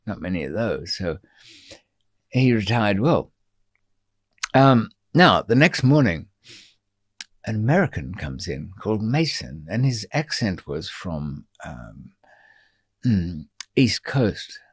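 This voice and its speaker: An older man telling stories as a guest in a studio interview, dry and wry, with frequent pauses and restarts. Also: fairly low pitch, big pitch swings, breathy edge, no echo. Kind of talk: storytelling in a long-form interview.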